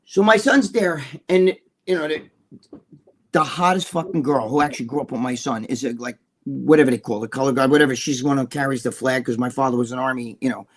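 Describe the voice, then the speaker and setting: An older man co-hosting a podcast, telling a story in a profane, animated way and laughing as he goes. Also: medium pitch, fast. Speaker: podcast co-host. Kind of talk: casual storytelling chat.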